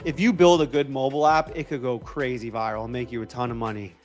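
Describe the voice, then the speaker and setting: A New York man whose accent mixes New York and Boston chats casually as a livestream host, talking fast at medium pitch with fairly even intonation. He's upbeat, tends to repeat phrases and answers chat comments, with soft music in the background.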